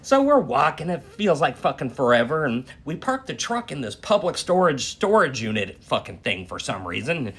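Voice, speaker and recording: A man casually telling a long story in a profane, animated way, tagging lines with "right?". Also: on the high side, moderate pace, hardly any pauses, slightly rough. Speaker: dream storyteller.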